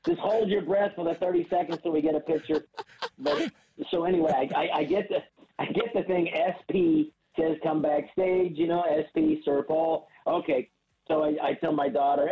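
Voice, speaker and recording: A man's voice: fairly high pitch, phone-quality sound. A man on a podcast as a guest, telling a rambling story with stammering restarts. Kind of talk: casual storytelling.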